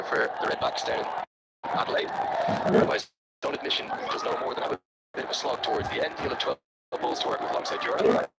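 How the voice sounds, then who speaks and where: Gravelly Irish cricket commentator. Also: male voice, mid-range voice. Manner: wry, chatty, joking asides. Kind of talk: live sports commentary. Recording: loud background noise over commentary.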